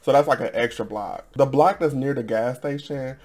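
Speaking at normal speed with a medium pitch and darkish tone, a twenty-something man films a storytime vlog at home in front of a camera. His delivery is sassy and full of profanity, with frequent laughter and viewers addressed as girl.

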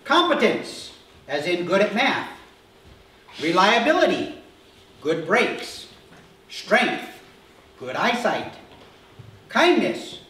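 A man's voice: high-pitched, big pitch swings, slow, long pauses, pushed and bright, slight background noise. A male pastor preaching a conversational sermon who often asks the congregation questions, recorded in a church sanctuary. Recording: echoey church hall miked from far off.

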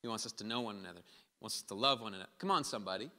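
Bright-voiced man preaching in a reverberant hall. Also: fairly low pitch, very fast. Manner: impassioned, builds to emphatic peaks, voices quoted speech. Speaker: pastor. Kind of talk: sermon. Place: church hall.

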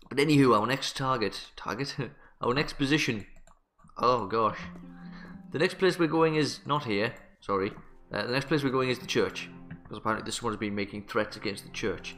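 Bright-voiced rambling gamer man. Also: medium pitch. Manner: rambling, self-correcting, joking. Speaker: let's play gamer. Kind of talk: casual game commentary.

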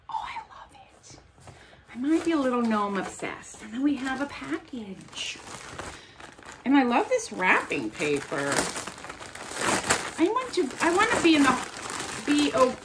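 A woman's voice: on the high side, background noise. A woman vlogging as she opens gifts, gushing and gasping with delight. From United States. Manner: gushing, gasping, breathy exclamations. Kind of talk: casual unboxing chat.

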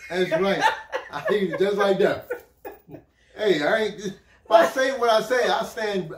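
A man with a somewhat high voice, jokey and quick with a theory about everything. He sits back from the mic in an echoey room. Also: recorded from a distance. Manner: joking, offers quick theories, laughs. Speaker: co-host of a reality show review. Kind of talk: casual chat.

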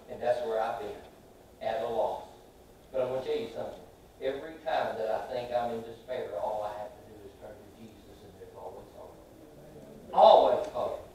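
A man preaching a sermon. He swings between loud, drawn-out shouts and soft asides, and he questions the congregation and has them repeat lines back to him. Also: mid-range voice, far from the mic, a little hiss or hum. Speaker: pastor. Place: large church sanctuary. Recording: very echoey hall, heard from afar.

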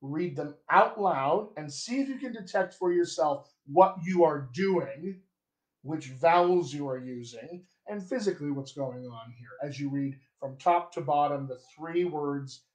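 A man teaching accents as a dialect coach in a live stream, talking to viewers and demonstrating vowels slowly. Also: on the high side, a little mellow, roomy sound. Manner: slow, demonstrative, drawn-out vowel examples; chatty, addresses viewers directly. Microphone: webcam or phone on a live stream.

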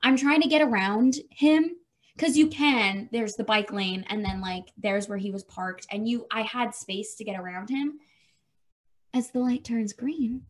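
Animated, foul-mouthed woman telling a story. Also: on the high side, measured pace. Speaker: podcast co-host. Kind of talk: casual chat.

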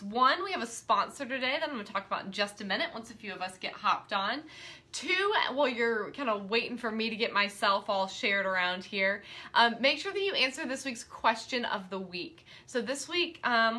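A woman hosting a live-streamed quilting class, bubbly and excitable, chatting and easily sidetracked. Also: a little high, normal speed. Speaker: quilting teacher and host.

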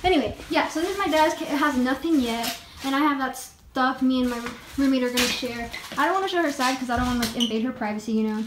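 A young woman with a high, girlish voice chats to her handheld phone camera. She talks in a bubbly, rambling vlog style full of "like" and "literally." A faint hum of surroundings sits behind her. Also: fast. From Texas. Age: young adult. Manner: chatty, bubbly, lots of "like" and "literally". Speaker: vlogger. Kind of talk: casual vlog. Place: college campus and dorm room.

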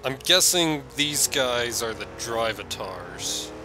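Excitable man doing gameplay commentary. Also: medium pitch, takes it slowly, noisy background. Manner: excitable, yelps and shouts at crashes, jokey. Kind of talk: let's play commentary.

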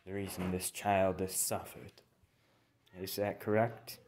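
A man voicing a tall shadowy male swordsman in a fan story, slow and measured with low hums. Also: level tone, a little mellow, slight background noise. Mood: menacing.

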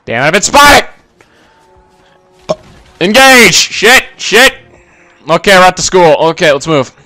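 A young man commenting on his gameplay, short-tempered and cursing, yelling at the game. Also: high voice, big pitch swings, moderate pace, faint music behind. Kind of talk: gaming commentary. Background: gunfire from the game.

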